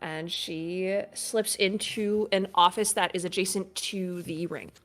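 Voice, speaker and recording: A woman's voice: fairly low pitch, steady tone, a little slow. A woman player in a tabletop game, narrating her character's actions casually, with fillers.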